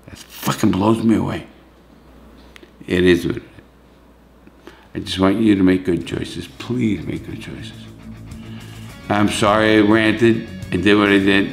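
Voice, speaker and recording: A man's voice: on the low side, fairly even intonation, normal speed, vocal fry, long pauses, faint music behind. A man, hosting a vlog, pleading in an emotional, profane rant. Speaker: YouTube host, former prisoner.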